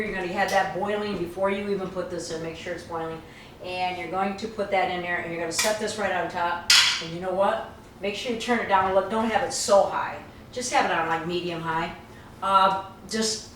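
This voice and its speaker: A woman's voice: mid-range voice, roomy sound, slight background noise, low-quality recording. A woman hosting a home cooking video, chatty and enthusiastic as she walks through each step. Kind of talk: casual cooking demonstration.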